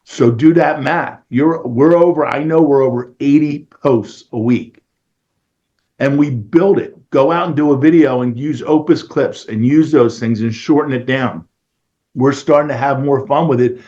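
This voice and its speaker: A man's voice: medium pitch, moderate pace, darkish tone, dull audio. A man with a Philadelphia accent, a real estate agent talking energetically and in a salesy way on a casual panel call.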